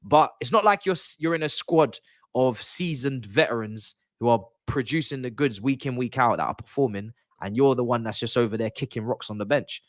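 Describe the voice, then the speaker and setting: A man's voice: medium pitch, fairly quick, no echo. A confident man talks football as a guest pundit, stressing his points and saying them twice for weight. His voice sits in an ordinary male middle range. It is recorded close and dry, with no room sound. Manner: confident, emphatic, repeats points. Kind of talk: casual podcast chat.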